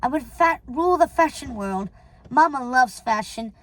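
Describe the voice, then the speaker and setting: High-voiced woman reading a novel aloud. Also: moderate pace, rough recording. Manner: steady, with small stumbles and self-corrections. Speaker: reader.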